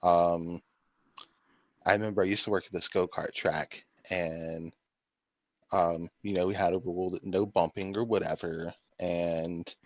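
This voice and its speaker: A man's voice: deep voice, steady tone, measured pace, no room sound. A man co-hosting a podcast, chatting casually and laid-back, agreeing and reflecting with plenty of fillers. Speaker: podcast co-host. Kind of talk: casual chat. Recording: dull lo-fi podcast recording.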